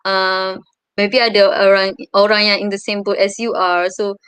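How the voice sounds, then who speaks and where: A young Malaysian woman, a university student, chatting casually as an interview guest over a video call, often pausing to search for words. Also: medium pitch, little pitch movement, a bit bright, clean tone, dry recording. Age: young adult. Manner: hesitant, searching for words with many fillers. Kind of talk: casual chat.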